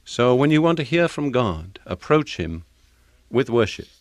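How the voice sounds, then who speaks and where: An older man with a British accent giving a sermon as a Bible teacher, speaking slowly with deliberate pauses and reading scripture with solemn emphasis. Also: medium pitch, sing-song, no room sound, clean studio sound. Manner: slow, measured delivery with deliberate pauses.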